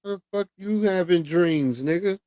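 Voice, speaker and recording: A man rambles through a casual livestream chat, swearing freely and chasing tangents. His voice sits a touch high, and the desk mic is close and dry with no room sound. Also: moderate pace, warm tone, no room sound. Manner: rambling, profane, goes off on tangents. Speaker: livestream host.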